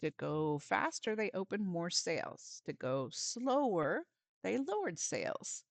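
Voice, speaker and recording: A woman's voice: lowish voice, very animated, takes it slowly, gravelly, dry recording. A woman volunteer giving a friendly step-by-step craft lesson for parents and children, with some fillers.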